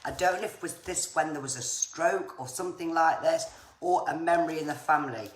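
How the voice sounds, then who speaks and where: A woman's voice: deep voice, a little fast. A woman giving psychic readings on a live stream, chatty and reassuring, often saying viewers' names. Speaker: psychic medium. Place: home room on a live stream. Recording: echoey room with faint noise.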